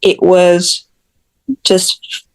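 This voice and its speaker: A woman's voice: fairly low pitch, completely flat delivery, extremely slow, smooth. A woman from Jamaica, a social media creator being interviewed, speaking bluntly with self-mocking asides and acted-out quotes. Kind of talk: candid storytelling in interview.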